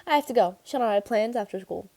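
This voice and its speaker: Teen girl, guarded, dismissive, cool, flat delivery, voiced by a woman reader, audiobook. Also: a little high, fast. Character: teenage girl, guarded and cool, a reluctant liar.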